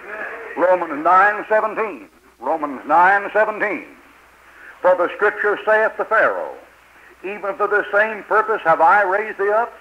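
Older male preacher, fiery and folksy, higher-pitched, lo-fi vintage tape. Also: bright, forceful tone. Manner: fiery, rhetorical questions, folksy grammar. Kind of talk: sermon. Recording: old lo-fi tape recording.

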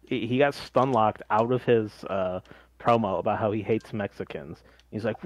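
A man's voice: lowish voice, normal speed, no room sound. A man co-hosting a casual podcast, recapping wrestling in a matter-of-fact way with short, dry replies. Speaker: podcast co-host.

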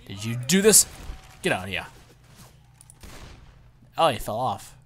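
A young man hosting a casual gameplay commentary, excitable and often startled. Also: mid-range voice, a little slow, a little hiss or hum. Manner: excitable, lots of startled exclamations. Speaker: let's play host.

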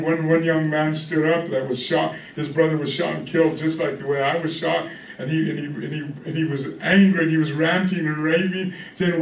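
A pastor preaching a conversational sermon, often checking in with the congregation. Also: male voice, fairly high pitch. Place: church hall. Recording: echoey room from a distance.

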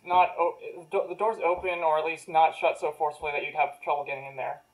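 A woman narrating as game master of a tabletop game, giving brisk, matter-of-fact rulings. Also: low voice, flat delivery, rough recording.

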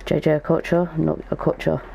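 Gravelly young man chatting over a game. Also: fairly high pitch, completely flat delivery, brisk, warm tone, a little hiss or hum, low-quality recording. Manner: chatty, thinks aloud while opening packs. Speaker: gaming YouTuber. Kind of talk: casual gaming commentary.

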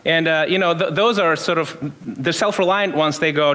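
A man in his fifties preaching in a relaxed, conversational way, moving from personal stories to his point. His voice sits a little higher than most men's. He often restarts his sentences as he talks. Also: moderate pace, few pauses. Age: 50s. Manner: storytelling, informal, frequent restarts. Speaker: pastor. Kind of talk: conversational sermon.

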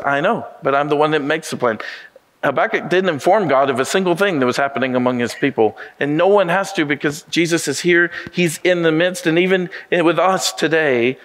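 A male pastor delivers a sermon in a somewhat high voice. He leans into key words, slowing down and lifting his pitch to press each point home. His delivery is earnest and emphatic. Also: fairly bright tone. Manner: preaching with emphatic rises and slowed stresses.

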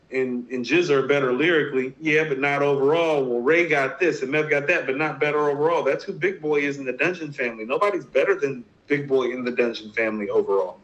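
A man's voice: fairly high pitch, fairly bright tone. A man co-hosting a podcast, arguing his points in an emphatic, insistent way during a casual debate. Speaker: podcast co-host. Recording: roomy, dull lo-fi sound.

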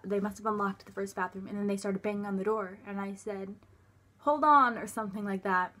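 A young woman telling a personal story in a halting, hesitant way, full of fillers, sometimes dropping to a quiet, soft voice. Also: medium pitch, flat delivery. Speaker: vlogger.

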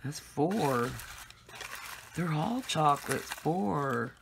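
A woman's voice: sits low, animated, drawn-out words, gravelly, noisy background. A woman chatting casually and giggling as she unboxes gifts for her viewers at home. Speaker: craft vlogger.

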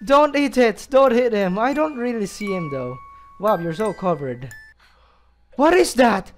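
A man's voice: high-pitched, sing-song, unhurried, soft background music. A man commentating a horror game playthrough, jumpy and easily startled, gasping, yelping and laughing nervously as he plays. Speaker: let's play gamer.

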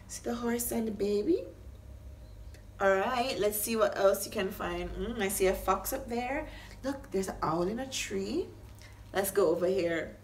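A woman reading a farm picture book to preschoolers and then leading a simple craft, speaking gently and addressing the children directly. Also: mid-range voice, a little slow, far from the mic. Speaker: children's storyteller and craft host. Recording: echoey room, faint noise.

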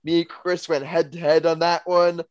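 A young man hosts a casual sports podcast and runs through bet results and league standings with upbeat energy. His voice sits fairly high and sounds smooth and resonant. The sound is close and dry. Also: level tone, moderate pace, no echo, dull audio. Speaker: podcast host.

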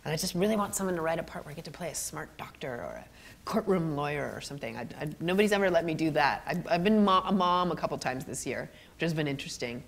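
An animated middle-aged woman, a guest actor telling stories on a college stage, laughing often. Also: deep voice, quick pace, gravelly. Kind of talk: storytelling on a college stage interview.

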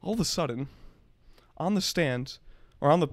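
A young man co-hosting a podcast, telling a story in a casual, animated and profane way. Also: fairly high pitch, normal speed. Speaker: podcast co-host.

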